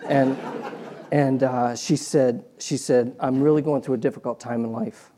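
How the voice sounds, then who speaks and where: A man preaching a sermon in a conversational, storytelling way, restarting phrases and swinging from quiet asides to emphatic points. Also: medium pitch, fairly even intonation, unhurried, background noise.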